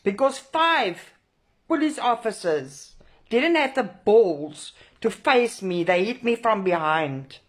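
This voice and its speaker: A South African woman, a protest organiser shaken after a clash, rants angrily to camera in a husky, medium-pitched voice. She speaks slowly with lively intonation, swearing heavily and repeating herself for emphasis.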